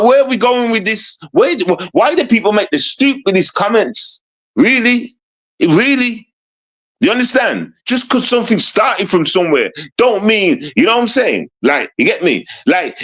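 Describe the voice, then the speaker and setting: A man ranting to his stream viewers in rough street slang. He keeps asking whether they understand, and he swings between low muttering and high outbursts. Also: a bit bright, rough recording. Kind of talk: livestream rant to viewers.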